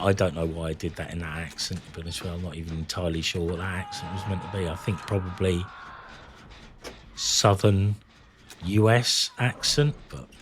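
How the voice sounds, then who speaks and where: Man, forties, lowish voice, rambling, candid, swears freely, faint hiss behind. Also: a bit bright. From England. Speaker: streamer. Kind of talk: casual chat while gaming.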